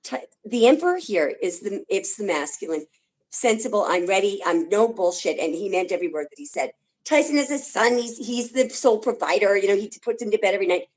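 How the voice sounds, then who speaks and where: A woman giving live tarot readings on a stream, emphatic and excitable, swearing now and then. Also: mid-range voice, fairly quick. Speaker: tarot reader.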